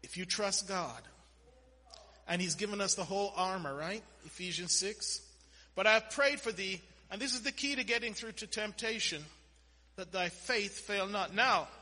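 A man preaching a sermon in an animated way, quoting scripture and breaking into sudden loud bursts, in a church hall. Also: sits high. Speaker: pastor. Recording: long hall reverb.

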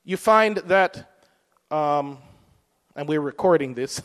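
A man with a high voice delivers a sermon in a relaxed, conversational way. He keeps asking his listeners questions as he goes. His voice rings with a long reverb, as if it were recorded in a hall. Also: slow pace. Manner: conversational preaching, rhetorical questions. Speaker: preacher.

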